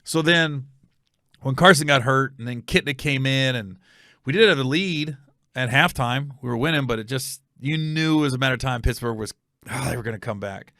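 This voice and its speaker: A man hosting a comedy podcast, telling a funny story with animated energy and loud reenactments. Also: normal speed, dry recording, studio quality. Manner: animated storyteller, bursts into high shouted yelling when reenacting.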